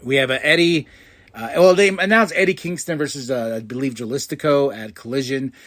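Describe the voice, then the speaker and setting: A man hosting a podcast, giving an excitable casual recap of a show and acting out what people said in loud bursts. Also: mid-range voice, a little fast. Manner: excitable, acts out quotes with loud outbursts. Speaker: podcast host.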